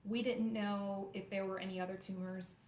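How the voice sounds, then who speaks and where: A woman in her forties, hosting her own show, telling a personal story to viewers in an animated, emotional, confiding way. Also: mid-range voice, moderate pace, slight background noise. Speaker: host. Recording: roomy echo, faint ambience.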